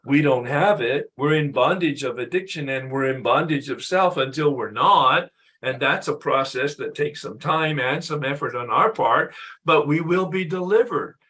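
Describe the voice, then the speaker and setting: A man's voice: mid-range voice, normal speed, sharp tone. A man leading an online recovery workshop, sharing his own experience in a reflective way before opening the floor for questions. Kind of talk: reflective talk to an online group.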